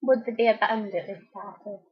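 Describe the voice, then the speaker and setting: A woman's voice: medium pitch, a little fast, slightly rough. A woman interviewing her younger sister in a casual chat, asking probing questions with dry teasing. The recording is a dull, lo-fi home recording.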